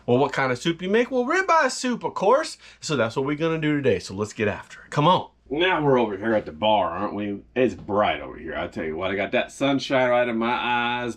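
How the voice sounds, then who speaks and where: A man's voice: medium pitch, fairly bright tone. Rowdy, swearing home-cook man. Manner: rowdy, folksy and profane, rambling asides to the viewer and cameraman. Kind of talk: casual cooking vlog. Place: home kitchen.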